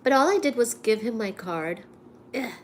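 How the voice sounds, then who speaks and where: Sick and coughing, this woman vlogger spins an animated, indignant story for a live audience, voicing the characters' lines herself. She speaks at a normal speed in a voice on the high side, with slight background noise.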